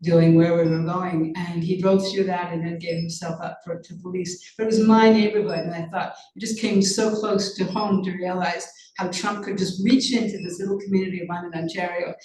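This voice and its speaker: A woman's voice: lowish voice, level tone, a little fast, hardly any pauses, a little mellow. A woman author answers interview questions with earnest intensity, breaking off and restarting her thoughts. Her voice carries a roomy echo. She sounds a little distant from the microphone. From Canada. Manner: earnest, many restarts and fillers. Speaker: author and journalist guest. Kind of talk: conversational interview.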